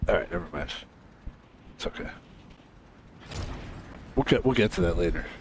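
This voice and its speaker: Man, from the US, game streamer, rambling chat, lively pitch, faint noise. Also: moderate pace. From United States. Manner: rambling, self-interrupting, laughs often.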